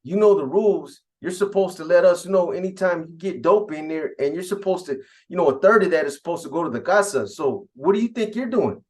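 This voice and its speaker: A man's voice: high voice, expressive, rapid-fire, few pauses, voice pushed up. A man voicing stern prison gang enforcers who scold a member with demanding questions.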